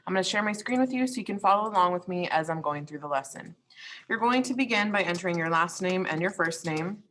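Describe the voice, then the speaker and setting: A woman teacher with a somewhat low voice talks students through an assignment over a screen share. She explains in a friendly, casual way, with plenty of ums and likes along the way. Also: lively intonation, fast, a bit bright, a little hiss or hum. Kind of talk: recorded online lesson walkthrough.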